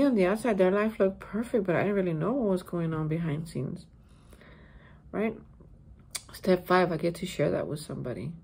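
Woman vlogger, casual daily reflection, gravelly and husky, emphatic with repeated words, hotel room. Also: on the low side, dark tone. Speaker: recovery vlogger.

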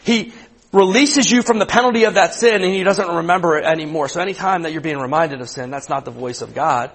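Husky-voiced man in his thirties preaching. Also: a little high, quick pace, fairly bright tone, poor audio. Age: 30s. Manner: conversational preaching, repeats words, asks the room questions. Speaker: youth pastor. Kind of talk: sermon to students.

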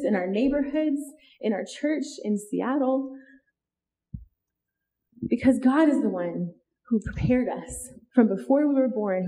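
Woman pastor preaching, higher mellow voice, emphatic and earnest. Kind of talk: sermon. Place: church sanctuary.

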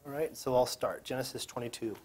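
A man's voice: mid-range voice, brisk, darkish tone, a little hiss or hum. A man leading a group Bible lesson, reading scripture aloud with casual, joking asides. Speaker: Bible teacher.

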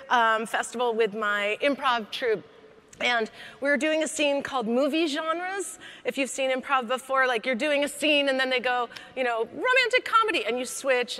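A woman giving a comedic keynote talk on stage, chatty and lively, laughing between lines. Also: high-pitched. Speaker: keynote speaker. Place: large hall on stage. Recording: echoey hall reverb.

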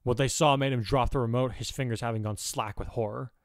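A man narrating an audio fan fiction chapter in an even storytelling voice. His pitch is mid-range and the recording is dry and close, with no room sound. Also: a little fast, no echo.

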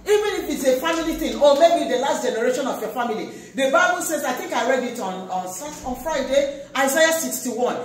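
A pastor preaching a sermon, swinging between loud exhortation and quiet asides. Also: high voice, lively intonation, a little fast, few pauses. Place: large echoey church hall. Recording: echoey church hall from far off.

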